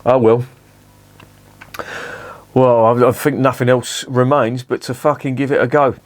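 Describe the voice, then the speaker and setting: A man's voice: medium pitch, steady tone, measured pace. A man reviewing a beer on camera, swearing often and grumbling sarcastically. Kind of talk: casual beer review vlog.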